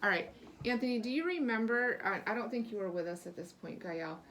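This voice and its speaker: A woman's voice: a little high, expressive, fairly quick, fairly bright tone. A woman reading teacher leading a small-group lesson, encouraging and lavish with praise, asking patient questions and explaining step by step.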